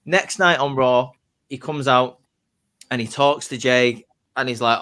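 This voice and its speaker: A man's voice: mid-range voice, unhurried, pauses often. Man telling wrestling predictions, play-by-play. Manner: excited play-by-play storytelling. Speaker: podcast host. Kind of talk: casual wrestling prediction chat.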